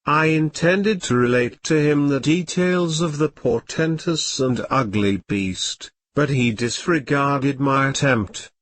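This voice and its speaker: A computer-generated male voice narrating an audiobook in a slow, even reading. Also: medium pitch, no echo.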